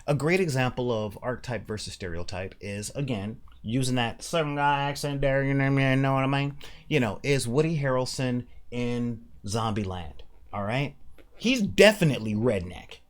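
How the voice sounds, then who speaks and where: A man hosting a casual monologue about tabletop gaming, emphatic and animated, slipping briefly into mock voices to make a point. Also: medium pitch, moderate pace. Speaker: podcast host.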